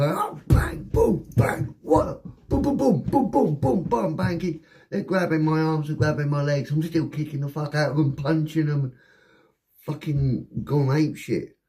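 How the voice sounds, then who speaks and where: Sweary English man telling a wild story. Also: medium pitch. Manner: swearing, rapid and animated anecdote telling with acted-out voices. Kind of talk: casual storytelling.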